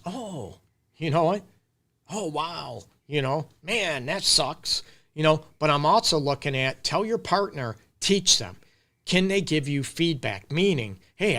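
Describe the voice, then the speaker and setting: Addressing his viewers head-on, a middle-aged relationship counselor hosts a casual, emphatic live-stream Q&A with advice. His voice is a little high, bright, and forceful.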